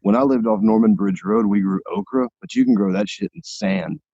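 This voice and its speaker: A man on a podcast speaking thoughtfully and earnestly, a little halting. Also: high voice, big pitch swings, gravelly, warm tone, dry recording, highs cut off. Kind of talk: casual podcast chat.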